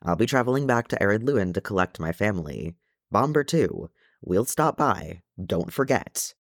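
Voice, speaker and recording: A man's voice: lowish voice, lively intonation, normal speed, no room sound, clean studio sound. A man voicing an earnest male dwarf making a promise.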